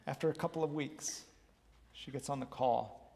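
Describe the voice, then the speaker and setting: A man leading a wellness workshop and telling coaching stories in an earnest, animated way. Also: mid-range voice, moderate pace, vocal fry, a little hiss or hum. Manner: earnest, animated storyteller who acts out quotes. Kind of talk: motivational storytelling talk. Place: large hall, live talk. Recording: long reverb of a hall.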